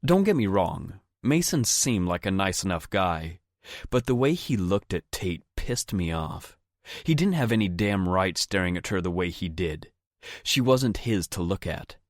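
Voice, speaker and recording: A young man narrating a first-person audiobook with a very deep voice and a brash, blunt, crude edge. The sound is dry and close, with no room around it. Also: lively intonation, unhurried, no room sound.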